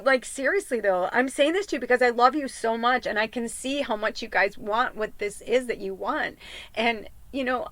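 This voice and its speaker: This tarot reader and podcast host is a middle-aged woman whose voice sits on the high side, a bit bright, at normal speed. There's no room sound. Her casual show meanders warmly, packed with filler words and side comments.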